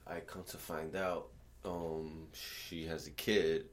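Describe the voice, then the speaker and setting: Low-voiced man, swearing storyteller, rambling casual chat, faint background hiss. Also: slow pace. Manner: profane, rambling, animated when quoting. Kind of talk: casual storytelling among friends.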